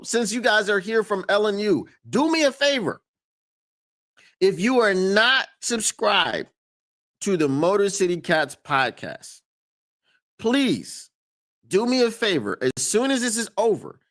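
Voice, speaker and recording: A man chatting on a live stream as its host, casual and emphatic, often laughing and repeating a point for effect. His voice sits a little high for a man and swings widely in pitch as he gets worked up. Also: fairly bright tone.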